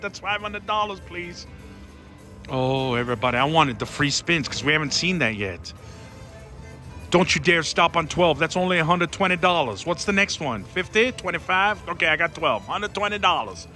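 A man giving excited running commentary on a slot machine as he plays, talking to his viewers and pleading with the machine, on a casino floor. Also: on the high side, moderate pace. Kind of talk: casual live commentary while gambling. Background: casino music.

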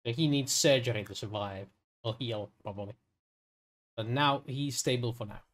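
A man running a tabletop game as game master, narrating with hesitant pauses and fillers. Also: medium pitch.

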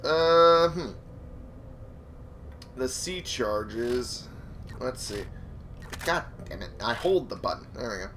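A man's voice: medium pitch, animated, slow, pauses often, background noise. A man giving casual let's play commentary, swearing and chuckling to himself. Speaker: gamer.

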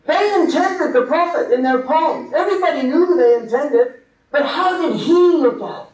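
A man's voice: very high-pitched, animated, moderate pace. A man giving an impassioned sermon full of rhetorical questions. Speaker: religious lecturer. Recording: echoey hall, distant mic.

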